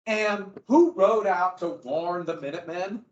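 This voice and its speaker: Male teacher, lively lecture, roomy classroom sound, dull lo-fi audio. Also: high-pitched, measured pace. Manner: animated, jumps between asides and acted quotes. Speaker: history teacher.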